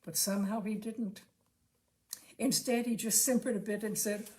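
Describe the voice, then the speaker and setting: A woman reading a comic short story aloud in expressive, scripted narration. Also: medium pitch, normal speed, pauses often. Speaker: reader of short stories.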